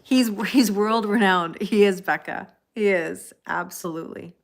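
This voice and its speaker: A woman's voice: medium pitch, measured pace, vocal fry. A woman reading tarot on a casual live stream, chatting with viewers by name and laughing often. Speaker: tarot reader.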